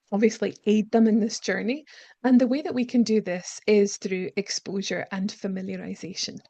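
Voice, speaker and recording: A woman with a gravelly, creaky voice leads a teacher-training webinar, explaining ideas step by step with plenty of ums. The sound is dry and close, with no room around it. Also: medium pitch, a little mellow, no room sound. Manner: measured explaining with frequent ums. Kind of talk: lecture-style webinar presentation.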